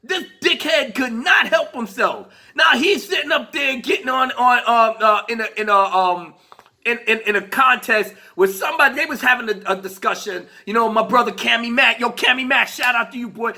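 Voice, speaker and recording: A man's voice: very high-pitched, moderate pace, sharp tone. A man giving a heated, profane ranting commentary, laughing through his rant. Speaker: commentary vlogger.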